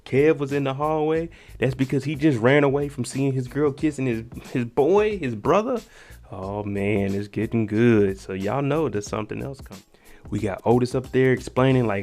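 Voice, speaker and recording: A man hosting his channel, giving an animated, slangy, casual recap of a TV episode and laughing often. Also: mid-range voice, moderate pace, soft background music.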